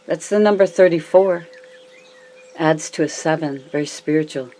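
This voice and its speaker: A woman giving a casual tarot reading to viewers, chatty and affectionate, calling them her loves and honey, and often slowing down for emphasis. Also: dark tone. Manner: varies her pitch and pace a lot, slows down for emphasis. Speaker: tarot reader.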